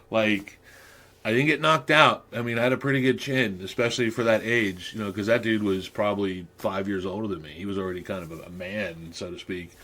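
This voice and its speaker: A man's voice: medium pitch, a bit bright. A man in his fifties from California hosting a podcast, telling rambling, profane stories and laughing between phrases. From Venice, California. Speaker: podcast host. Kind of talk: casual storytelling.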